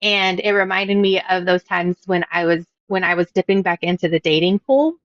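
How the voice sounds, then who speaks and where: A woman's voice: lowish voice, normal speed, no echo, dull audio. A bubbly woman author in her thirties, chatting casually on a podcast and laughing at her own stories. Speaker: author guest.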